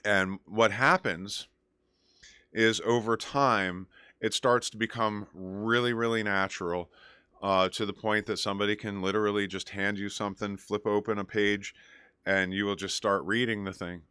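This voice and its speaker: Man, show host, casual rambling chat, dry close sound, lowish voice. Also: steady tone, normal speed, bright, forceful tone, clear, resonant tone, no echo. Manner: rambling, many fillers and restarts. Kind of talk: casual chat advice and storytelling.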